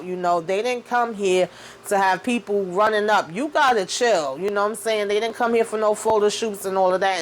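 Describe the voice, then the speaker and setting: A woman's voice: mid-range voice, a little hiss or hum. Woman animatedly recapping a TV episode. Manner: animated retelling, acting out character lines. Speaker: recap vlogger.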